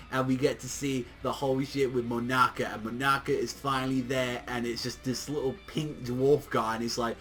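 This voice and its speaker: Excitable slangy young man reviewing anime. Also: medium pitch, brisk, hardly any pauses, faint music behind. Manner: excitable, slangy, swears often, heavy use of "like". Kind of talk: casual video review.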